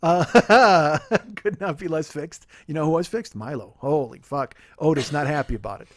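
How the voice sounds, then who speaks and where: A man's voice: fairly high pitch, normal speed, a little hiss or hum. A man in his forties hosting a podcast, ranting in a profane, self-deprecating, rambling way. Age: 40s. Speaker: podcast host. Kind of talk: casual comedic rant. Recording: dry close-mic studio sound.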